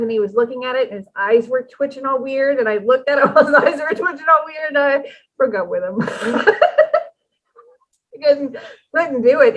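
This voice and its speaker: A woman's voice: a little high, highs cut off. A woman co-hosting in casual chat, chatty and giggly as she tells stories. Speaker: co-host.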